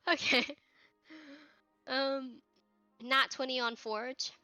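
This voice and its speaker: A woman's voice: high-pitched, flat delivery, drawn-out words, bright, forceful tone, lo-fi sound, faint music behind. A young woman chatting casually about an episode, emotional and candid, laughing and swearing freely. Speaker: cast member on a recap show. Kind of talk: casual recap chat.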